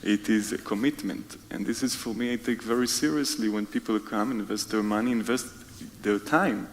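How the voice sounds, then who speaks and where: A man, a tour guide, talking softly and haltingly in a casual interview conversation, often pausing to search for his words. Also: big-room sound, a little hiss or hum, rough recording. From Israel. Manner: soft-spoken low talker, halting and searching for words.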